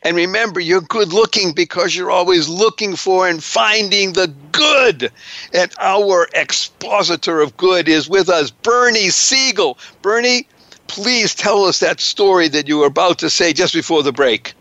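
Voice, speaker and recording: Bright, high-voiced effusive male host. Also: no echo, lo-fi sound. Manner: effusive, flowery, drawn-out delivery. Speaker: radio show host. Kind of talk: radio interview hosting.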